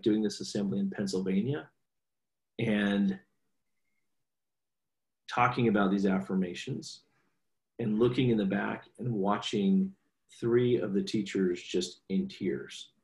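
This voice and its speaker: A man in his forties telling stories earnestly in a conversational interview, animated as he quotes his children. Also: on the low side, a little slow, long pauses. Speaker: guest speaker. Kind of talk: conversational storytelling. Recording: echoey room.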